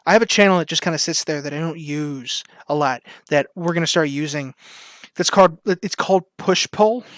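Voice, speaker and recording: A man co-hosting a podcast in casual chat, rambling and animated and quick to laugh. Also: on the high side, no echo, clean studio sound. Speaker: podcast co-host.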